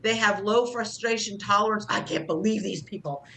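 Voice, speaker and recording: A woman's voice: medium pitch, normal speed, vocal fry, sharp tone, slight background noise. Chatty woman teaching a class. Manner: conversational, self-deprecating, acts out short example lines. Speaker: job training instructor. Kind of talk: classroom lecture.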